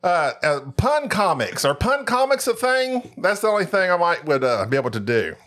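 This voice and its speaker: Rambling Texan podcast host. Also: male voice, sits high, very animated, normal speed, a bit bright. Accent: Northeast Texas. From Paris, Texas. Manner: rambling, self-mocking. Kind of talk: casual podcast chat.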